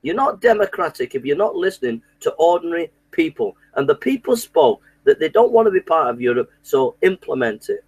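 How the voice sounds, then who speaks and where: A man's voice: on the high side, very animated, fairly quick, hardly any pauses, dry recording, low-quality recording. A man delivering an indignant, repetitive political rant, often restarting his sentences. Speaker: political commentator. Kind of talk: impassioned monologue to camera.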